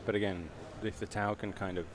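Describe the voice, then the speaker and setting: Brief: male co-commentator, slightly low voice, relaxed analytical chat, faint background hiss. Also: a little fast. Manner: relaxed, analytical, chuckles while telling stories. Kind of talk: casual live game commentary.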